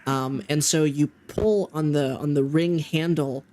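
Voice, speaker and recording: Halting man narrating a tabletop game. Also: a little high, steady tone, darkish tone. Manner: halting, full of ums and restarts. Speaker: game master.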